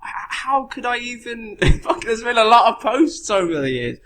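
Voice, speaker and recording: A man on a podcast delivering crude jokes in a deadpan, sarcastic way. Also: extremely high pitch, moderate pace. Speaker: podcast guest. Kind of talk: crude casual banter.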